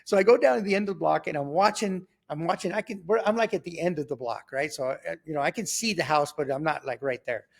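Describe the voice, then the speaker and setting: A man, telling his life story in a casual, animated way, acting out quotes and laughing as he goes. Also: fairly high pitch, fast, vocal fry, few pauses. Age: 50s. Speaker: guest telling his testimony. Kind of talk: conversational storytelling.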